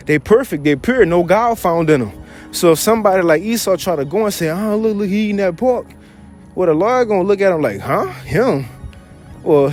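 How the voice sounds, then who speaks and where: High-pitched male bible teacher, slangy and animated, reads verses and riffs on them. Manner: reads verses aloud, then paraphrases in loose slang; animated, chuckles often. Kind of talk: casual scripture teaching.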